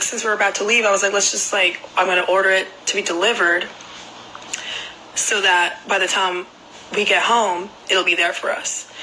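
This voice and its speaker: Very bright young woman rambling. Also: medium pitch, a little hiss or hum, low-quality recording. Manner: rambling, packed with filler "like". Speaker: storyteller. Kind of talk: casual storytelling.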